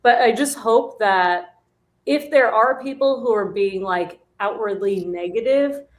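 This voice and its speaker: A woman's voice: medium pitch, measured pace. A woman guest chatting casually on a livestream, laughing often and using many fillers. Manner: giggly, animated, filler-heavy. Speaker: special guest.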